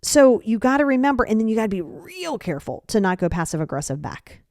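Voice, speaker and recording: A woman hosting a podcast, giving casual advice and acting out example dialogues in quick quoted voices, repeating phrases for emphasis. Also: a little high, sing-song, a little mellow, dry recording, studio quality. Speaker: podcast host.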